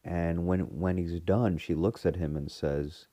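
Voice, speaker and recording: Male fan reviewer, low mellow voice, rambling casual recap with lots of fillers. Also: steady tone, measured pace, no echo. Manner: rambling, full of fillers and restarts. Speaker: fan reviewer retelling a TV episode.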